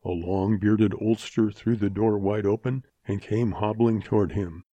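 Male audiobook narrator, low mellow voice, dry close recording, steady telling. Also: a little slow, dry recording, highs cut off. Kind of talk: audiobook reading of a western.

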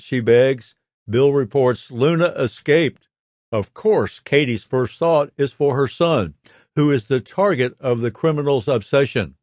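A man's voice: mid-range voice, a little mellow, no room sound. Man reading soap news, dry sound.

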